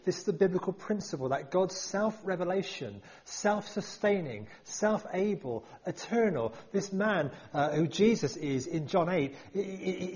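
A man's voice: high-pitched, darkish tone, highs cut off. A man preaching a sermon to a congregation, emphatic and full of rhetorical questions.

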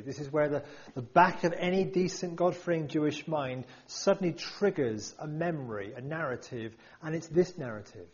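A man's voice: mid-range voice, normal speed, muffled recording. A man preaching a sermon to a congregation, emphatic and full of rhetorical questions.

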